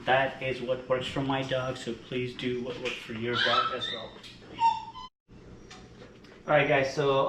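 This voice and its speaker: A man chatting casually at home, explaining step by step how he prepares his dog's treats. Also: mid-range voice. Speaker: dog owner and trainer. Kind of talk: casual home cooking vlog. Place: home kitchen. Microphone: camera held by a helper. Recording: echoey room with background noise.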